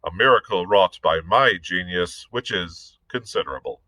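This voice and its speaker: A man's voice: low voice, normal speed, bright, forceful tone, no echo, poor audio. A man voicing a sardonic, witty Irish pirate captain, speaking in a dry, mocking, self-assured way in a read-aloud story.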